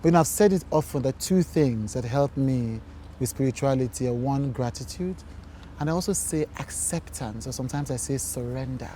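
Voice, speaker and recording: A man hosting an interview, gentle and affirming, reflecting thoughtfully to close. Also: medium pitch, normal speed, a little hiss or hum. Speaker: host.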